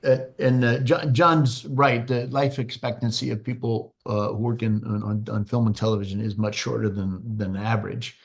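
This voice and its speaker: Middle-aged man, low gravelly halting voice. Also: little pitch movement. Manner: halting, many fillers and restarts. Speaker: writer-director, interview guest. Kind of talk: casual interview chat.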